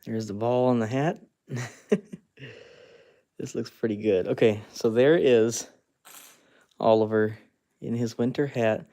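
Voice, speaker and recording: Sculpting clay on a relaxed live stream, this man speaks slowly at a medium pitch with a steady, dark tone and frequent pauses. He's chatty and quick to laugh, describing what his hands are doing while reading chat and addressing fans.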